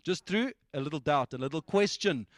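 A man with a fairly high voice addresses his church in a loose, conversational way. He repeats his phrases for emphasis as he exhorts and announces. The sound is close and dry, with no room echo. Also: animated, a little fast. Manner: emphatic, repetitive, conversational preaching. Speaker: church leader. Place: church meeting.

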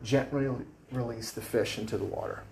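Man, pastor, sermon, gravelly voice, conversational preaching, faint background noise. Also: medium pitch, normal speed. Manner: conversational preaching with casual asides. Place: church sanctuary.

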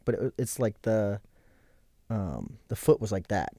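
A man's voice: fairly low pitch, unhurried, no echo, studio quality. A man in his thirties, a podcast guest, telling a rambling story in casual chat, swearing a lot and acting out what people said. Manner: animated, swearing, acts out quoted lines.

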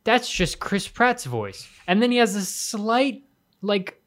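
Young male co-host, casual and animated, bright edge. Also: high-pitched. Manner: animated, joking, quick bursts. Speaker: podcast co-host. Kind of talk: casual podcast chat.

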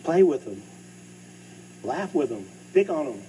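A middle-aged man preaching a sermon as pastor, swinging between loud bursts and hushed asides. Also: a little high, big pitch swings, measured pace. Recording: distant mic with faint hum.

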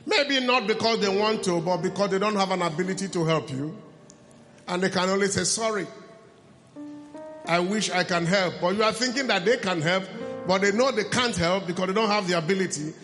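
A man's voice: sits high, brisk, a bit bright. A man preaching a sermon with an impassioned, pleading delivery. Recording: long hall reverb with faint music.

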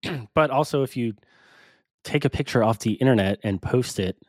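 Chill young dude cohosting a podcast, mid voice, dry close sound. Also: male voice, mid-range voice, moderate pace, no room sound. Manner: relaxed, thinks aloud with fillers. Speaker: podcast co-host. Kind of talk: casual chat.

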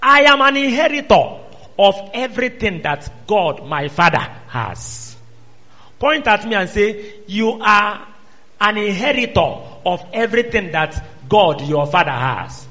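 A man preaching a sermon, quizzing his congregation with call-and-response questions and emphatic rising shouts. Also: high-pitched, big pitch swings, a little slow. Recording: dull sound in a reverberant hall.

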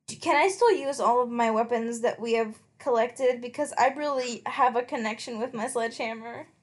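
A woman's voice: fairly high pitch, normal speed. A woman playing a tabletop game, talking in a casual, joking, chatty way. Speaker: player.

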